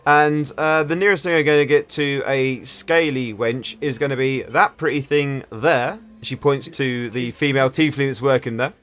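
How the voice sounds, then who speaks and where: A man narrating as game master, halting and restarting as he describes the scene. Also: medium pitch, fairly bright tone.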